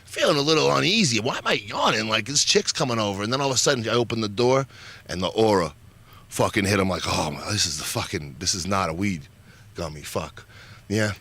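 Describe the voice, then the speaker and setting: Bright-voiced, blunt, jokey man. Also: fairly low pitch, lively intonation, brisk, husky. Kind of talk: casual chat, storytelling.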